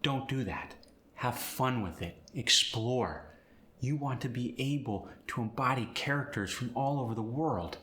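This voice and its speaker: A man teaching pronunciation as an accent coach, demonstrating sounds in an animated, hands-on way. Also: medium pitch, a little slow, echoey room. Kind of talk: instructional pronunciation tutorial.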